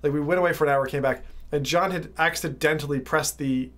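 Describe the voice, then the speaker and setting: Rambling man, fairly high voice. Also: steady tone, fairly quick, fairly bright tone. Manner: rambling storytelling with many fillers. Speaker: VR streamer. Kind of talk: casual recap vlog.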